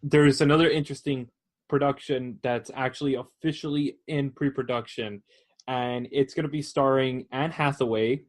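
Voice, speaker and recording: A man's voice: medium pitch, steady tone, moderate pace. A man co-hosting a casual podcast, bluntly giving movie news and opinions. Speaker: podcast co-host. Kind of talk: casual chat.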